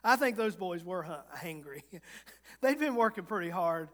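A man's voice: high-pitched, lively intonation, unhurried, a bit bright. A man with a Southern Virginia accent preaching a sermon, folksy and humorous, building to emphatic repetition. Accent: Southern American, Virginia. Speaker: guest preacher. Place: church sanctuary. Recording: long reverb of a church hall.

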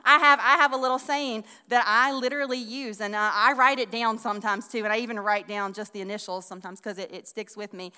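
A woman's voice: medium pitch, bright, forceful tone, clear, resonant tone. Chatty woman preaching in a reverberant hall. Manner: folksy, chatty, with many restarts and asides. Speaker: Bible teacher. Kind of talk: conversational sermon.

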